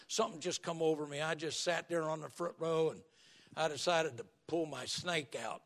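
A pastor delivers a sermon in a fairly high, raspy voice, telling folksy stories in an animated, lively manner.

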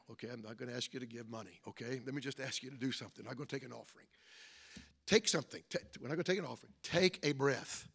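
A middle-aged man preaching a sermon, asking the congregation questions and punctuating points with amens, swinging between soft and loud emphatic lines. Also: mid-range voice. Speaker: pastor.

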